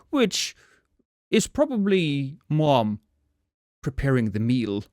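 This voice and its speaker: A man narrating a tabletop horror game as game master, slow and suspenseful with hesitations. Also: mid-range voice, very animated, creaky, darkish tone, no room sound, studio quality.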